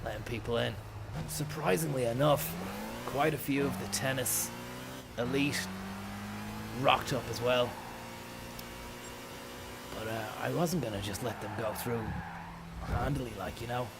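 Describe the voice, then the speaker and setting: A man, telling rambling deadpan comic stories full of swearing and trailing mumbles. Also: medium pitch, a little slow, vocal fry, long pauses, heavy background noise. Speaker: comedian.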